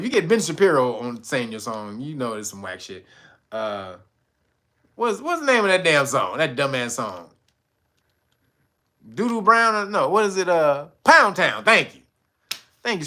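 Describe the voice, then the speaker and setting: A man hosting a livestream who comments on the news with a bright, ringing tone. He swears freely, mocks what he reads, laughs often, and talks straight to his chat. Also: fairly high pitch. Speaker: channel host.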